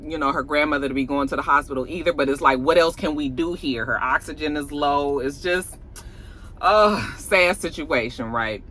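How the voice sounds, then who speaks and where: A man casually recapping and reviewing a TV episode, talking straight to his viewers and acting out lines with animation. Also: a little high. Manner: animated, acts out characters' lines in a raised voice; chatty, talks straight to the viewers.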